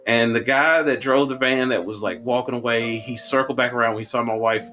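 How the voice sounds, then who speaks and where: A man in his thirties telling a funny personal story on a podcast, animated and conversational. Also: medium pitch, fairly quick, soft background music.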